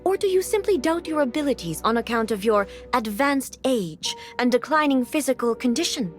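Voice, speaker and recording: An actress playing a stern ruler who speaks in a formal, measured and commanding way, in a video game. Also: female voice, sits high, expressive. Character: stern, imperious female ruler, cold and commanding. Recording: game audio with music.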